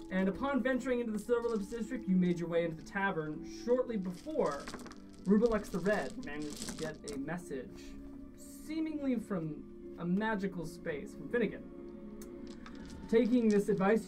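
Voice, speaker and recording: A woman's voice: medium pitch, far from the mic, rough recording. A woman narrating as game master of a streamed tabletop game, loose and rambling with fillers and restarts.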